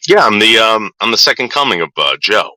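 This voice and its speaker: New guy rambling thru family stories, low voice, really bright and dry, no room at all. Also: very animated, fairly quick, no echo, low-quality recording. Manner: rambling, repeats words, quotes people in put-on voices. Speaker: streamer telling stories about his father. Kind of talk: casual storytelling to a live chat.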